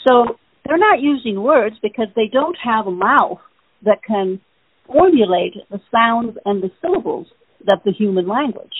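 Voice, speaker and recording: On a tinny, dry phone line, a woman with a fairly high, husky voice hosts a casual spiritual Q&A. She is expressive and measured in pace, answering listeners' questions at length in an earnest, rambling style.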